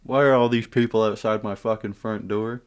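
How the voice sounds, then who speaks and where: A man voicing an exasperated father who scolds his son with sharp, swearing questions. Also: lowish voice, steady tone, moderate pace, clear, resonant tone, natural voice. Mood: angry. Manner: stern, swearing demands.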